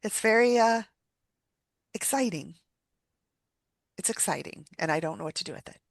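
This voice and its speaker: A woman's voice: medium pitch, expressive, moderate pace, vocal fry, dry recording. A woman hosting a podcast, talking in an earnest, reflective way, with frequent restarts and repeated words. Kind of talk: casual reflective chat.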